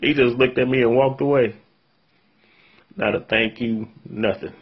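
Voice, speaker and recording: A man's voice: medium pitch, fairly even intonation, a little slow, lo-fi sound. A man talking straight to his viewers, recounting something hard that happened to him, earnest and shaken after crying. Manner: earnest, heartfelt, addresses viewers directly. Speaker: vlogger recounting a personal event. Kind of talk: emotional first-person story to camera.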